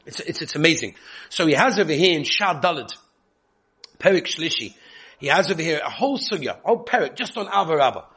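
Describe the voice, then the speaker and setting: High-voiced man teaching a Torah class. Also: very animated, fairly quick, fairly bright tone, slightly rough. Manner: reads Hebrew text aloud and explains it in English, with frequent repetitions. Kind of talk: spoken Torah class on prayer.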